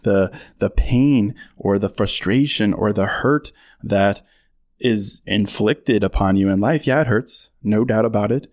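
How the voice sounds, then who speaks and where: A man hosts his own podcast in a lowish, slightly mellow voice at a measured pace, with no room sound. He talks casually to listeners in a chatty solo monologue, laughing often, using plenty of fillers, and putting on mock voices for quotes.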